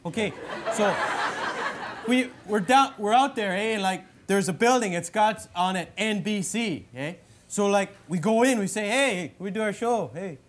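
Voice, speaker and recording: Guy doing a dopey canadian hoser bro, canadian accent, drawly, slightly high voice. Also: moderate pace, lightly acted. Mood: goofy. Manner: drawling, peppered with "eh" and "like". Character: dim-witted beer-loving Canadian man, hoser brother. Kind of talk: sketch comedy character bit on a talk show. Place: TV studio with audience.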